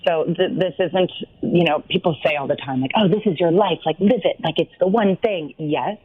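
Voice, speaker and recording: A woman's voice: on the low side, moderate pace, husky. A woman guest talking about wellness in casual chat, earnest and encouraging, sometimes acting out an inner voice. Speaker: podcast guest, wellness coach. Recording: dry, dull lo-fi line.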